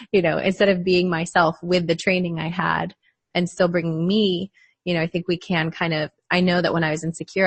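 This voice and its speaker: A woman's voice: on the low side, no echo. A woman psychologist talking reflectively in a casual podcast conversation, often laughing lightly. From United States.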